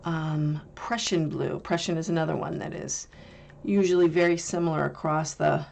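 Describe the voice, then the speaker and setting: A woman's voice: low-pitched, fairly even intonation, moderate pace, vocal fry, a little mellow. A woman hosting an art channel, chatting casually and musing aloud as she swatches and reviews paints.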